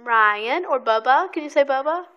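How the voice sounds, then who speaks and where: A woman's voice: high voice, expressive, normal speed, highs cut off. A woman filming a toddler on her phone at home, patiently prompting her to repeat words in a sing-song way and praising her often. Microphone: phone camera held by the speaker.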